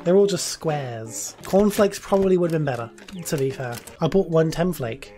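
A woman's voice: deep voice, lively intonation, normal speed, few pauses, warm tone. Crude, jokey woman streaming a game. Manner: crude, playful, jokey, lots of swearing. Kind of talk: casual let's-play commentary.

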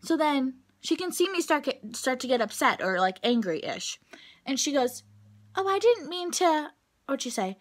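A woman's voice: high-pitched, animated, moderate pace. A young adult woman talking straight to camera in a casual vlog, venting bluntly and swearing freely about her day. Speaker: vlogger.

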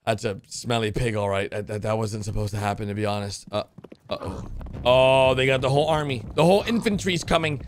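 A man hosting a reaction video, excitedly commenting and cheering characters on with loud exclamations. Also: fairly low pitch, a little fast, slight background noise. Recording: music playing under the voice.

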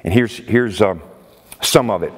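A man's voice: lowish voice, a little slow, husky, long reverb tail. A male preacher delivering a sermon in an emphatic way, often exclaiming in disbelief. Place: church sanctuary.

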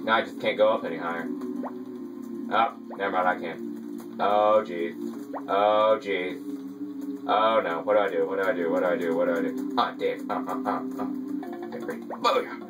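A man giving casual gameplay commentary as a let's play gamer, excitable and quick to mock his own frustration. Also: sits low. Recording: distant mic with game music behind.

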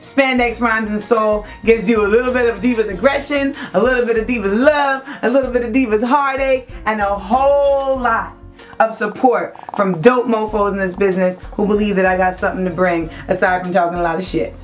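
A young adult woman hosting a web show, giving brash, profane, animated comedic commentary. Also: medium pitch, fairly quick, soft background music.

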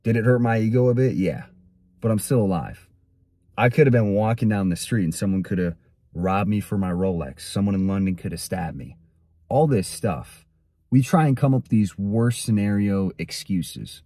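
A man's voice: fairly low pitch, moderate pace, warm tone, dry recording, studio quality. A young man delivering a blunt, slangy motivational monologue and telling a story straight to the viewer. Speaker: motivational content creator.

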